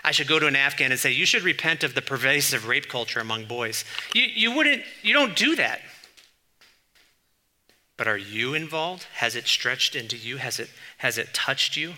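Bright-voiced man preaching conversationally. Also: mid-range voice, a little hiss or hum. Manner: conversational preaching, reads scripture aloud, quick asides. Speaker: pastor. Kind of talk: sermon.

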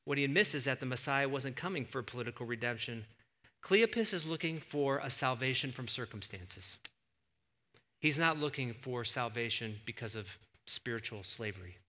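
A male pastor preaching a sermon in a church, an animated storyteller who surges into emphatic, near-shouted points. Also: mid-range voice, normal speed. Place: church sanctuary. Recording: long reverb of a church hall.

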